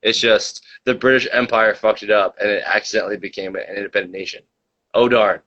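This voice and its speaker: A man's voice: fairly low pitch, fairly even intonation, fairly quick, sharp tone. A man hosting a comedy livestream talk show in casual chat, reading out viewer comments and joking in a rambling, mock-conspiratorial way. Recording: dull lo-fi mic.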